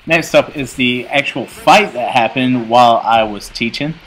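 A man in his twenties telling a personal story in a casual, rambling way, full of fillers and restarts, growing animated as he recounts it. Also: medium pitch, measured pace, slight background noise. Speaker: YouTuber telling stories. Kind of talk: casual storytelling over gameplay.

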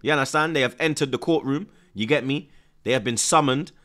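A young livestream host hosts a football watchalong, his mid-range voice brisk and a bit bright. He reads out viewers' comments and sprinkles his chat with slang like "blood" and "you get me."

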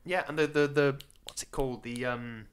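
A male podcast co-host in casual film chat. He talks in loose, rambling runs and laughs often, with animated bursts. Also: medium pitch, moderate pace, clear, resonant tone.

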